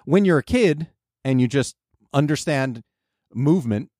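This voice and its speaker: A man's voice: medium pitch, measured pace, dry recording, studio quality. A man in his thirties, chatting animatedly on a podcast, who likes to imitate people. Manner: animated, does impressions. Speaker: podcast co-host. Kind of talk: casual chat.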